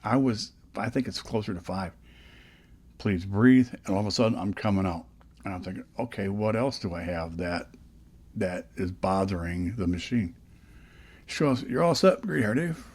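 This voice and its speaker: An older man with a fairly low voice rambles through casual vlog stories, often restarting his sentences. He talks close into a dynamic studio microphone. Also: moderate pace, a little mellow, breathy edge. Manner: rambling, chatty, frequent restarts. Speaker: podcast host.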